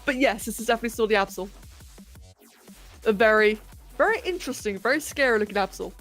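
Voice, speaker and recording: A woman with a fairly high, slightly bright voice talks very fast with lively intonation. She's hosting a live stream, chatting casually and thinking out loud with self-mocking humour as she sculpts, while faint electronic music plays behind her.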